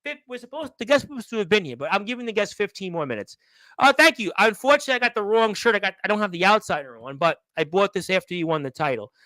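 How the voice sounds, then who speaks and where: Male stream host, high pitch, loose and teasing, dry mic. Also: expressive, fast, sharp tone, no echo, rough recording. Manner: rambling, playful, teasing the chat. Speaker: wrestling podcast host. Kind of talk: live-stream chat, reading comments.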